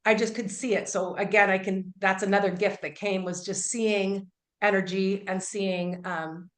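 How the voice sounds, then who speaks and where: A woman's voice: medium pitch, fairly even intonation, normal speed. A woman Reiki healer telling an earnest, emphatic story as an interview guest, often restarting her sentences. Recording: roomy echo.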